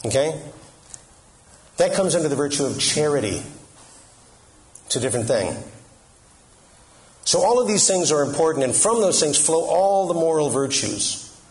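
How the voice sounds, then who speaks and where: A man's voice: a little high, expressive, normal speed, pauses often, a little mellow. Joking man giving a Catholic talk. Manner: joking, conversational, asks the audience questions. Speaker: Catholic speaker. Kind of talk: humorous religious talk.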